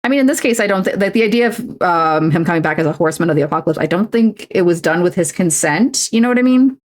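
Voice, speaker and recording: A woman's voice: fairly low pitch, lively intonation, fast. A woman livestreaming, chatting casually while crafting, rambling and self-deprecating with frequent restarts.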